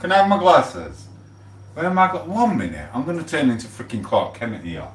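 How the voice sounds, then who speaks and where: A man, rambling and swearing casually as he gives shout-outs on his livestream. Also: fairly high pitch, big pitch swings, normal speed, distant mic, a little hiss or hum. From England. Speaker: livestream host. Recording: echoey room, off the mic.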